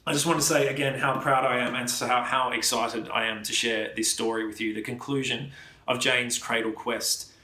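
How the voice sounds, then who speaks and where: Brief: Australian male author, bright forceful voice, reads his adventure novel aloud, echoey room. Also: medium pitch, moderate pace. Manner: lively first-person reading, then chatty with many fillers. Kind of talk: reading his novel aloud, then casual thanks.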